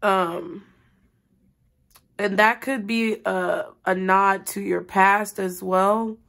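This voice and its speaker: A woman with a medium-pitched, gravelly yet fairly bright voice draws out her words with fairly even intonation. She's giving a tarot reading, speaking earnestly and directly to her viewers in a rambling, spiritual manner. She is crying, her voice rising and breaking.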